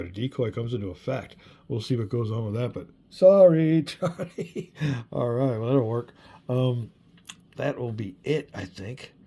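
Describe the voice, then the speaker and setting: Rolling dice through his solo wargame, this middle-aged board game player and channel host thinks aloud and chats as commentary. He speaks low, creaky and a little mellow, with slight background noise.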